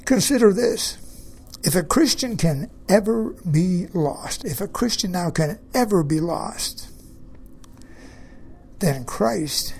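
A man's voice: a little high, gravelly, darkish tone, husky. A man preaching a sermon, emphatic, repeating key phrases and putting questions to his listeners.

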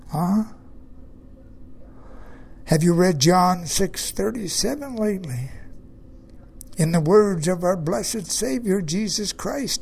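A male preacher delivers a sermon at an unhurried pace, his voice carrying a gravelly grain. He leans hard on key phrases, repeating them, and keeps pressing his listeners with questions. Underneath it all is a husky edge. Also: sits high, a little mellow.

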